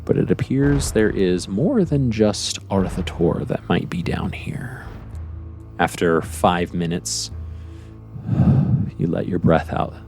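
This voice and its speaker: A man narrating a tabletop game as game master, rambling in a relaxed way. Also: sits low, slow, soft background music.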